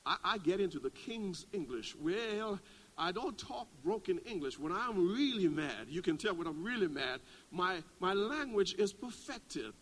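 Animated preaching man with lively pitch. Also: measured pace, low-quality recording. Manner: animated preaching, swings from hushed to loud rising exclamations. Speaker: pastor. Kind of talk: sermon.

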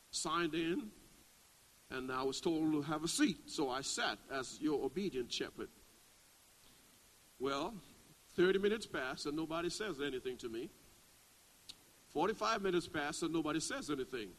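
A middle-aged male pastor preaching a sermon, dropping to a hush and then climbing to loud, rising exclamations. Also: a little high, poor audio.

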